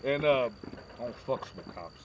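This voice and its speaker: Animated young man telling a crude comic story. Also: mid-range voice, moderate pace, highs cut off, slight background noise. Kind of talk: rambling comic shaggy-dog story.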